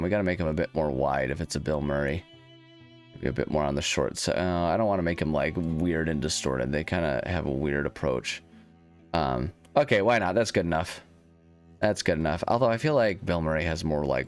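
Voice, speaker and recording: Deep-voiced man rambling through a game. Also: expressive, moderate pace, soft background music. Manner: rambling, self-deprecating, many restarts. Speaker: let's-play host. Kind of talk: casual gameplay commentary.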